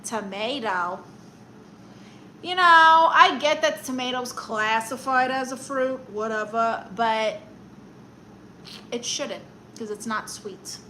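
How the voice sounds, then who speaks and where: A woman's voice: a little high, sharp tone, a little hiss or hum, rough recording. A woman with a Brooklyn accent hosting a casual live stream, reading chat comments aloud and roasting viewers in a sassy, playful way.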